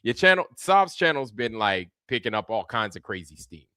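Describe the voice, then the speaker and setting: Hosting a casual livestream, a man greets viewers by name in a loose, repetitive way, using lots of slang. His medium-pitched voice swings widely in pitch at a moderate pace, sounding sharp, clear and resonant, with clean studio sound and no room noise.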